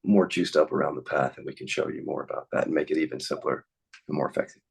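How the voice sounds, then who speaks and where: A man's voice: extremely low pitch, fairly even intonation, fast, creaky, slightly rough, low-quality recording. A man teaching on a podcast in an earnest, encouraging, plain-spoken way. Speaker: somatic inquiry teacher.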